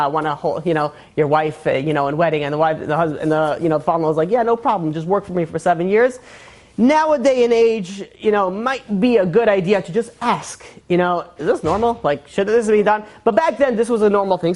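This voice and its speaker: A religious teacher giving a casual Torah lesson, rambling with many fillers and joking asides. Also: medium pitch.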